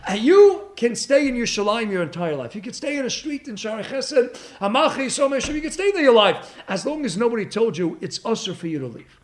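A man giving an animated Torah lecture, full of rhetorical questions and Hebrew terms. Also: very high-pitched, reverberant. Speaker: rabbi giving a Torah class.

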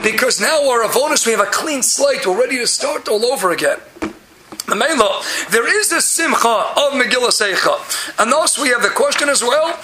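A man's voice: very high-pitched, expressive, normal speed, echoey room, background noise. A man giving an impassioned Torah lecture, rising to exclamations and using many Hebrew terms. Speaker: Torah teacher.

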